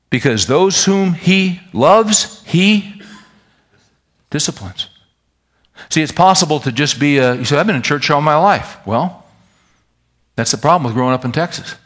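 A man delivers a sermon at a middle pitch. He preaches in a folksy, animated way, often turning to ask his listeners questions. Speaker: pastor.

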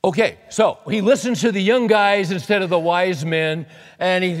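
This pastor's high-pitched voice holds a steady tone at normal speed, with soft music playing behind him. Recorded in an echoey hall, he reads scripture and talks plainly to the congregation in a folksy sermon.

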